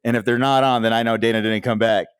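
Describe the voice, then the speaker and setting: A man's voice: mid-range voice, fast talker, clean tone, dry recording, clean studio sound. A man co-hosting a crude casual podcast, telling stories and acting out the lines of angry callers. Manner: animated storytelling, acts out callers' lines; frequent laughter. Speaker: podcast co-host.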